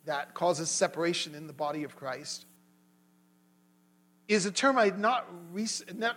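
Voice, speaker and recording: Earnest high-voiced man preaching. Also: poor audio. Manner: earnest, animated when retelling arguments. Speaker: lay preacher. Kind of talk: sermon with personal testimony.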